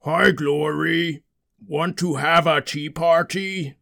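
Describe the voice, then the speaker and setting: A man's voice: on the high side, fairly even intonation, slow pace, vocal fry, pushed and bright, pitched above the performer's own voice, full character voice. A man voicing a friendly, goofy young male dragon in playful role-play with a child, cheery and giggly. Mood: cheerful. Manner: cheery, giggly, rambling about made-up snacks.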